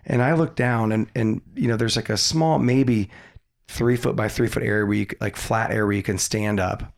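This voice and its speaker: A man's voice: lowish voice, fairly even intonation, moderate pace, gravelly. A man, a podcast guest, casually telling a rambling story and laughing as he goes.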